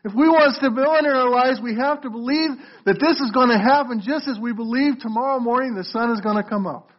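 A man's voice: extremely high pitch, fast talker. A man preaching a sermon as a pastor, earnest, calling listeners folks and often repeating words as he restarts. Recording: muffled lo-fi recording.

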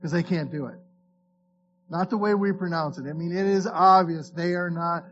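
This is a Florida pastor whose slightly high, fairly bright voice holds a steady tone at a moderate pace. He preaches conversationally, reads scripture aloud, and often restarts his words, captured in lo-fi audio with slight background noise.

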